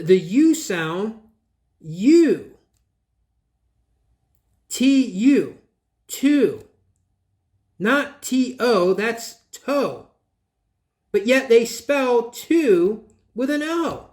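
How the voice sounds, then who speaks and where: Man, high-pitched, unhurried, scoffing, rambling, spells words aloud, casual book-review commentary. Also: darkish tone. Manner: digressive, restarts and trails off. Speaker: channel host reviewing a book.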